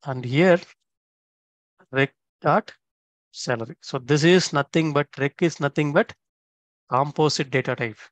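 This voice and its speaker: A man's voice: on the high side, unhurried, pauses often, no echo. A man teaching a programming lesson step by step. He often stops to check in with "okay?". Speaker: instructor. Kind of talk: screen-recorded coding tutorial.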